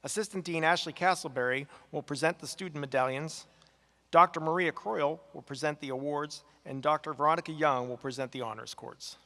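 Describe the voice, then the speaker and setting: A man's voice: a little high, brisk, sharp tone. A man making formal announcements as presenter at a graduation ceremony in a large hall. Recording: long reverb in a large hall.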